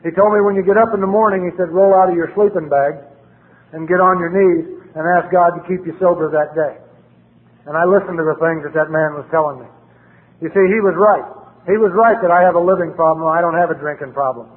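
A middle-aged man speaks bluntly and colloquially, telling his story to a meeting. His voice sits high for a man. The sound is thin and tinny, with a long reverb tail from a large hall. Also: steady tone, a little fast. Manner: blunt, plain-spoken and colloquial. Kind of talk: recovery meeting talk.

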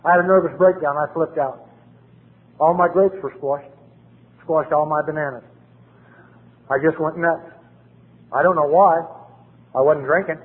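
A middle-aged man speaks bluntly and colloquially, telling his story to a meeting. His voice sits high for a man. The sound is thin and tinny, with a long reverb tail from a large hall. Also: steady tone, measured pace, long pauses. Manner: blunt, plain-spoken and colloquial. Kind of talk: recovery meeting talk.

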